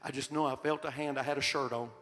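A man's voice: medium pitch, fairly even intonation, fast talker, pushed and bright. An older man preaching a sermon, telling a personal story in a heartfelt, earnest way. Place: church sanctuary. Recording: long hall reverb, faint music.

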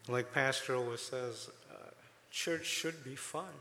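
A man giving a chatty, emotional testimony to a congregation, with many fillers and gentle jokes. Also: mid-range voice, a little slow, long reverb tail. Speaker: church volunteer speaking to a congregation.

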